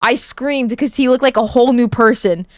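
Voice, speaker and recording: A woman's voice: fairly high pitch, normal speed, dry recording, studio quality. A woman streamer giving casual reaction commentary, blunt and profane, often breaking into shrieks and laughter.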